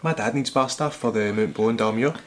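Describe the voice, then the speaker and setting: An actor playing a dry, curt bartender with a Scottish accent. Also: male voice, medium pitch, fairly quick, close to an everyday voice. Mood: deadpan. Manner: deadpan, curt. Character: dry, blunt Scottish barman.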